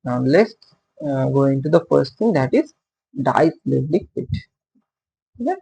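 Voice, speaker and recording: A man teaches at an unhurried pace, asking his listeners questions and stopping for many fillers. His voice is gravelly and a little husky, and his pitch rises and falls a lot. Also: animated, warm tone, rough recording. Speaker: literature teacher. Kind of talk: casual classroom-style explanation.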